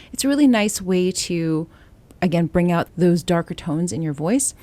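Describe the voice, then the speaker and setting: A woman voice coach teaching a song, explaining calmly and singing short example lines. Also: lowish voice, dry recording. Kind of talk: singing lesson.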